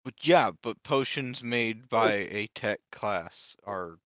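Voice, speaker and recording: A man's voice: fairly low pitch, takes it slowly, fairly bright tone. A man running a tabletop game, answering questions in a blunt, matter-of-fact way. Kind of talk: casual game chat. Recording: dull lo-fi mic.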